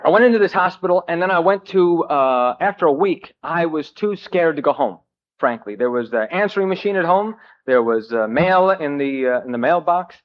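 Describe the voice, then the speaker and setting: A man shares his recovery story with a group in a wry, self-mocking way, pausing often on fillers. His voice sits a bit high for a man. The recording is a dull, muffled old cassette. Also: animated. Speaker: speaker at a recovery meeting.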